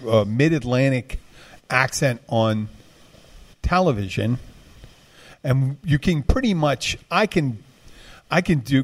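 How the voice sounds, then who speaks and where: A man in casual chat, rambling and restarting his sentences with plenty of fillers. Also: mid-range voice.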